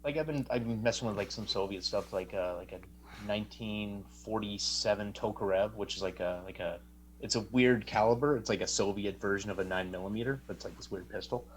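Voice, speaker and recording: A man's voice: on the low side, fairly quick, a little hiss or hum, rough recording. A man guesting on an interview, chatting casually in a joking, rambling way with lots of fillers. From Canada. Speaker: wrestler guest.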